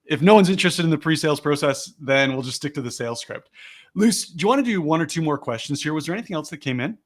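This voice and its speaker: Fast and lively in intonation, with a voice a little on the high side, a man guides a live online sales lesson by video call. He explains a step, then acts out how he'd phrase it.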